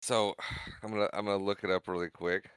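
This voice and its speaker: A man's voice: low-pitched, little pitch movement, fairly quick, fairly bright tone, smooth, no echo. A man co-hosting a podcast, recapping a film in casual, jokey chat. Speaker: podcast co-host.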